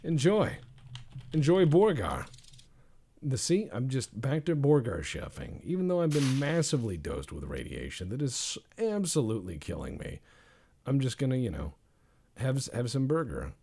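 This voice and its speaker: Male gameplay commentator, gravelly and husky, rambling and jokey, lively pitch swings. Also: normal speed. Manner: jokey, deadpan asides with sudden loud outbursts.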